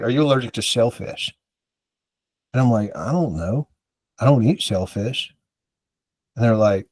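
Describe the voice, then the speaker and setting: A man's voice: mid-range voice, a little mellow, no room sound. A man from the American South, a podcast co-host, telling a rambling, self-mocking story in casual chat and acting out the dialogue.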